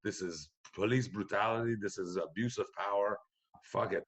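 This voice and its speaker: A middle-aged man from Quebec telling a profane, animated anecdote on a podcast, acting out the other people's voices. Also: fairly low pitch, normal speed, husky. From Quebec, Canada. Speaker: podcast guest comedian. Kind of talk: storytelling anecdote.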